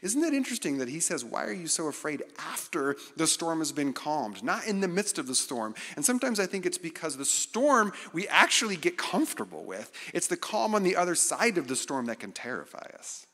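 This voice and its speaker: A middle-aged man giving a conversational, animated sermon as guest speaker, acting out quotes with self-deprecating humor. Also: on the high side, fairly quick, few pauses. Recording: reverberant hall.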